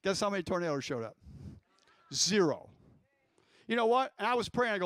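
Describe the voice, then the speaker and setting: A man preaching a lively guest sermon, breaking into shouts and calling on the congregation to answer back. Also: sits high, brisk, no room sound. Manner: excitable, shouting bursts, congregation call-and-response.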